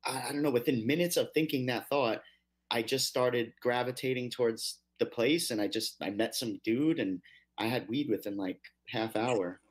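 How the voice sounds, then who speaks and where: A man's voice: medium pitch, normal speed, husky. Laid-back man telling stories. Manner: laid-back storytelling with laughs. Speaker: radio show host. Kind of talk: casual chat.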